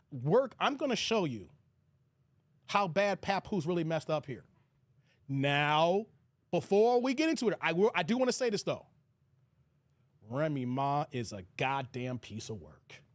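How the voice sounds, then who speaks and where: A man with a fairly high voice hosts a livestream and talks in a loud, animated, crude way, reacting to his chat as he goes. The sound is dry and close, with almost no room around it. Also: dry recording. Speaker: host of a livestream commentary show. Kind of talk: casual commentary reading live chat.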